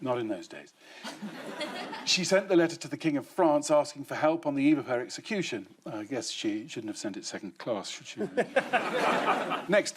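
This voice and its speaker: A man's voice: fairly high pitch, a little hiss or hum. A man hosting a comedy news quiz in a television studio, reading out questions and landing dry, wry punchlines. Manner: dry, wry delivery of set-up jokes. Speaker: quiz show host.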